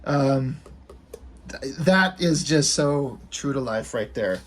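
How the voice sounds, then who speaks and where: A man's voice: mid-range voice, lively intonation, slow, slight background noise. A man casually retelling comic strips in loose, rambling talk that slips into offhand swearing. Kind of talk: casual storytelling.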